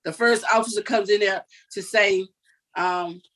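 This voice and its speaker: A woman's voice: mid-range voice, fairly even intonation, measured pace, a bit bright, rough recording. An older woman, giving an earnest, vivid personal account as an interview guest. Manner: earnest, recounting vividly with quoted dialogue.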